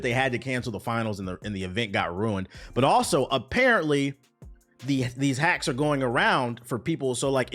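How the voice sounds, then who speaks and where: Over a music beat, a man streams live, talking to his chat and casually commenting on gaming news in a profane, rambling way. His voice is medium-pitched with a fairly bright tone.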